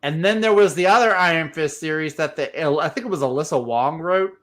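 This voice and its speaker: A man co-hosting a casual livestream chat about comics, animated and quick to laugh, often restarting his sentences. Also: a little high. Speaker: co-host.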